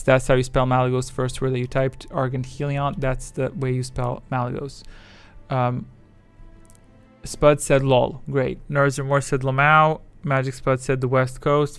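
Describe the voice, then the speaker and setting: Male streamer, gravelly voice, casual rambling chat, reads chat messages, faint music behind. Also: mid-range voice. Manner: rambling, swears freely, reads chat aloud.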